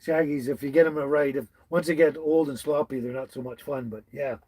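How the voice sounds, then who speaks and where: A man's voice: a little high, fairly even intonation, a little fast, a little mellow, rough recording. A man from British Columbia, hosting a casual live stream and greeting viewers by name in a folksy way. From British Columbia, Canada. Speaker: livestream host. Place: tiny house with dogs nearby.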